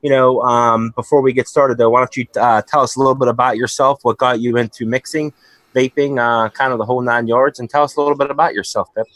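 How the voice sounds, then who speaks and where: A man hosts a podcast in an upbeat, easygoing way, padding his casual talk with fillers. His voice sits at an ordinary middle pitch. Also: fairly even intonation, fast talker, fairly bright tone, dry recording. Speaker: podcast host.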